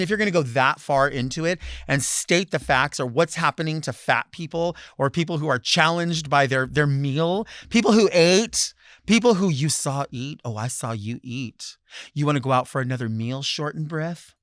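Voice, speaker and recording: A man hosting a talk show, delivering a sassy, theatrical solo monologue with loud bursts and low asides. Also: normal speed, dry recording, studio quality. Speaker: host.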